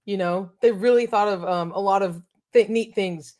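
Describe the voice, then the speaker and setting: A woman's voice: medium pitch, normal speed, a little mellow. Chatty enthusiastic woman co-hosting. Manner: enthusiastic, chatty with many fillers. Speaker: co-host of toy show. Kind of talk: casual chat.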